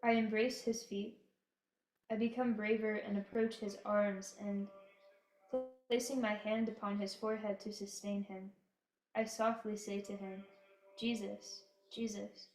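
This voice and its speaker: A woman's voice: medium pitch, level tone, darkish tone, soft background music. Woman reading prayerfully in an echoey room. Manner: prayerful, solemn, measured. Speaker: devotional reader. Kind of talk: slow devotional reading.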